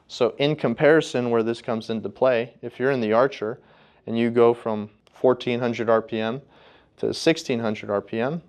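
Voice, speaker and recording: Smooth-voiced male flight instructor. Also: medium pitch, a little mellow. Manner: explanatory, checks in with class often. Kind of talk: ground school lecture. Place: classroom.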